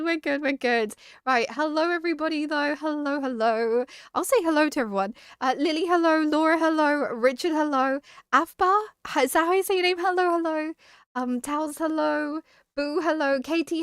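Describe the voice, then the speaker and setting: Brief: young woman, live-stream host, high voice, giggly and chatty, dry close sound. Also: dry recording. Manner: giggly, chatty, reads and greets the chat. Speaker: streamer hosting a book club. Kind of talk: casual live-stream chat.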